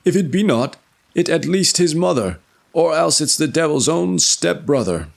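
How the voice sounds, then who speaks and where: A man voicing a boastful, foolish Swabian companion who speaks in loud sing-song rhymes. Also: a little high, expressive, moderate pace, gravelly, pitched above the performer's own voice. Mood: mocking.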